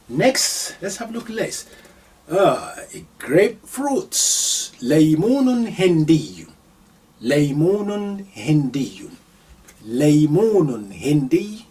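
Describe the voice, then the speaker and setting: A man leads a slow vocabulary drill, saying each word again and again with careful enunciation. His voice is a touch high and swings widely in pitch. He sits some way back from the microphone. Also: a little mellow, distant mic. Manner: repeats each word several times, clear deliberate enunciation. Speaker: Arabic teacher. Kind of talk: live vocabulary lesson, slow repetition drills.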